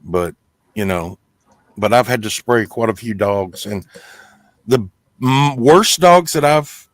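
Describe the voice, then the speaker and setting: A man's voice: medium pitch, no room sound. A man in casual chat, talking in a folksy, rambling way with many restarts and fillers. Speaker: guest, gas company worker.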